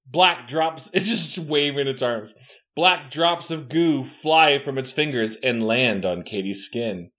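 A man's voice: mid-range voice, slow pace. A man reading a gamebook aloud to friends and narrating their game. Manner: animated, laughing asides.

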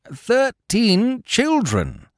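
A man voicing a gloomy male spirit who urges suicide, speaking low, hushed and sulky. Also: very animated, no room sound, clean studio sound, exaggerated voice. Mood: grim. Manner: sulky, sinister, drawn-out.

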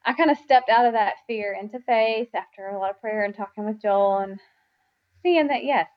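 A woman speaks at an average pitch, reflective and earnest, with an easy laugh. Her voice comes through a bit dull and lo-fi, as on a modest podcast recording. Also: normal speed. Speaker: guest. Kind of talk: faith podcast conversation. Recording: slightly dull lo-fi sound.

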